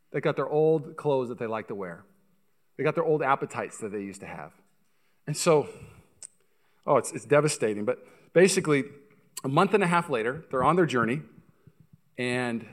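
A pastor preaching a sermon, telling stories with energy and speaking straight to the congregation. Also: male voice, fairly high pitch. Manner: animated storytelling, acts out voices, addresses congregation directly.

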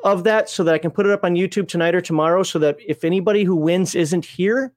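A man's voice: high-pitched, fast, no room sound, clean studio sound. A man hosting a live stream, talking casually in a rambling, joking way and chuckling often. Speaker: podcast host.

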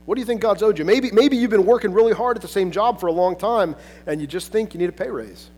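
A man with a high-pitched voice preaches in a relaxed, conversational way, dropping in asides and filler words as he goes. His voice rings out with a long reverb, as in a large church hall. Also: quick pace. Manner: casual, chatty, with frequent "like" and "um" fillers and asides. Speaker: pastor. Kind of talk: conversational sermon.

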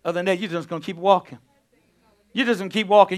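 A man preaching a sermon as pastor, swinging between quiet talk and loud, urgent emphasis. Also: high voice, fairly even intonation, fast, pauses often.

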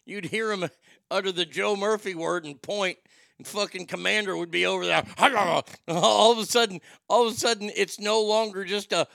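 A man's voice: high-pitched, steady tone, a little fast, gravelly, a bit bright, no echo, clean studio sound. A man hosting a comedy podcast, ranting off the cuff in a crude, rambling, self-mocking way. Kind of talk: improvised comedic rant.

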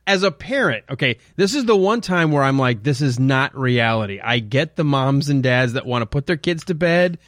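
A chatty man talks about a movie, sometimes quoting characters in mock voices. His voice sits at a middle pitch, and the recording is dry and close. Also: animated, moderate pace, few pauses, fairly bright tone, no echo. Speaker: podcast co-host. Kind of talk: casual film discussion.

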